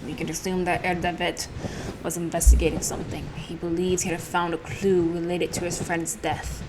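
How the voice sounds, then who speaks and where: A woman's voice: lowish voice, little pitch movement, moderate pace, noisy background, close to an everyday voice. A woman voicing a formal, polite male investigator with a put-on European accent, reading game dialogue aloud.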